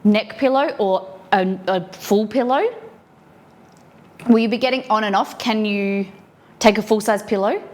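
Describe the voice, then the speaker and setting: A woman with a mid-range voice talks at a measured pace while cooking in her kitchen on a livestream. She chats casually with viewers, answering their messages as she rolls out food.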